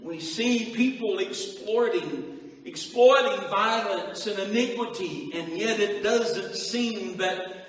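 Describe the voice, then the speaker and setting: A man preaching a slow sermon in a high voice, drawing out his words. His voice rings through a large echoing hall, heard from a distance away from the mic. He climbs into sing-song emphasis and throws rhetorical questions at the congregation. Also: fairly bright tone. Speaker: pastor. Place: church hall. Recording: echoey hall from far off.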